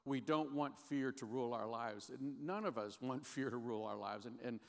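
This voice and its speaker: A man giving an earnest, halting chapel sermon with frequent restarts. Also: medium pitch. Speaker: guest chapel speaker. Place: large chapel hall. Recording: long hall reverb.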